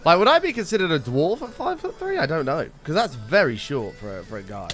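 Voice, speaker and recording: A young man chatting on a live gaming stream, with a fairly high voice that leaps up and down as he greets viewers and gets excited. His voice sounds slightly rough, and faint music plays underneath. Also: quick pace. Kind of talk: casual gaming stream chat.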